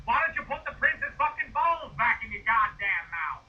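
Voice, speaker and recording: A man ranting loudly and profanely, mocking his opponent. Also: very high voice, sing-song, normal speed, far from the mic, rough recording. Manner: loud, profane, mocking rants. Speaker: video creator being rebutted. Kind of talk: ranting commentary.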